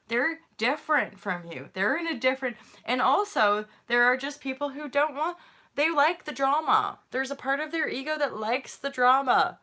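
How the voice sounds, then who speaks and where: A woman's voice: high-pitched, expressive, moderate pace, sharp tone. A woman chatting casually on a spiritual livestream, rambling, swearing freely and mocking herself. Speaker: spiritual vlogger.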